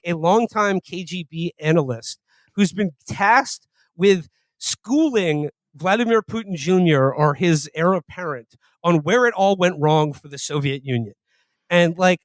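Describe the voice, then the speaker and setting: A man with a notably high voice holds forth on a comedy podcast, rambling and mocking as he builds his point. The sound is close and dry, with no room in it. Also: no echo. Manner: rambling, laughing, mocking mock-Russian impressions. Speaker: podcast co-host. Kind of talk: casual comedic chat.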